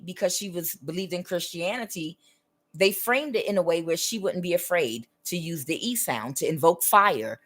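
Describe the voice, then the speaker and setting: A woman with a somewhat low voice gives a casual spiritual monologue on her own channel. She speaks earnestly and stresses her points, often checking in with the listener. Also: fairly bright tone. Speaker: tarot reader and spiritual channel host.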